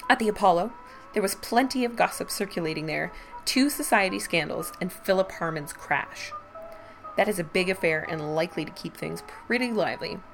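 A woman voicing a man, the narrator's concerned brother, gently insistent and chatty about gossip, in a low, gravelly voice. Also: normal speed, soft background music.

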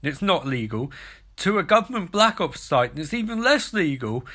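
A man's voice: on the high side, big pitch swings, moderate pace, bright, forceful tone, heavily acted. A man voicing an exasperated middle-aged male cop who scolds in incredulous, rising protests.

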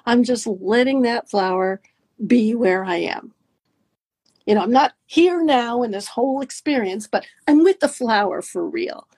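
A woman with a somewhat high, husky voice talks straight to her listeners as a coach. Her delivery is animated and conversational, and her pitch swoops up and down as she demonstrates. The sound is dry and close. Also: a little slow, dry recording. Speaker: dating and mindfulness coach. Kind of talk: guided coaching talk.

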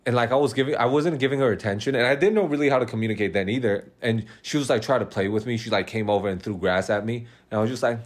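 A man's voice: mid-range voice, quick pace, few pauses. A young man in casual chat, rambling and cursing as he tells dating stories, laughing often. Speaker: podcast host telling dating stories.

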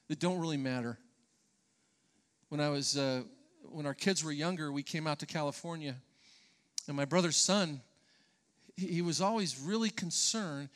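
A man's voice: fairly high pitch, a bit bright. A pastor preaching a sermon to his congregation, emphatic and conversational, often repeating words and asking the listeners questions.

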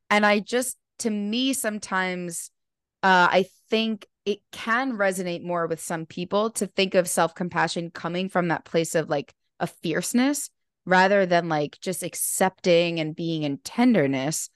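A woman talks as a guest on a podcast, explaining ideas earnestly and with lively energy. Her voice sits on the low side and is full of casual filler words. The sound is dry with little room tone. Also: unhurried, smooth, no echo. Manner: earnest and animated, many "like" fillers. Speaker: podcast guest, mindfulness instructor. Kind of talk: casual conversational interview.

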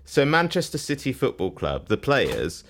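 A man's voice: mid-range voice, huge pitch swings, normal speed, a bit bright, slight background noise. A man co-hosting a comedy podcast, teasing and rambling, laughing often. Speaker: podcast co-host. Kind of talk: casual comedic podcast chat.

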